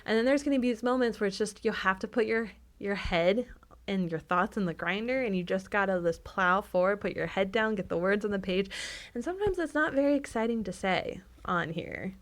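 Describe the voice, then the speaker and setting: A young woman co-hosting a podcast, talking casually and laughing often, swinging between excited bursts and flat asides. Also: medium pitch, fairly quick. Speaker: podcast co-host. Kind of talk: casual chat.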